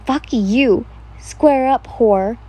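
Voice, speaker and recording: A woman's voice: on the high side, animated, normal speed, warm tone, husky, rough recording. A woman voicing a brash, swearing young woman in a read-aloud fan fiction story. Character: young woman Yin, the brash listener character.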